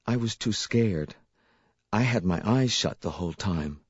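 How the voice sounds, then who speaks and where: Little sister, soft and trusting, read by a man; slightly lifted pitch, dry dull recording. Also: lively intonation, measured pace, husky, dry recording. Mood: tender. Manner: sleepy, wondering, soft-spoken.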